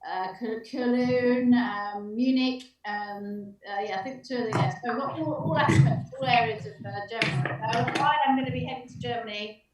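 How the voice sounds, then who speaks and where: A woman chatting casually on a video call, laughing often and pausing with many ums. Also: a little high, crowd noise. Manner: giggly, hesitant with many ums. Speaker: call participant. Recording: roomy distant video call audio with background noise.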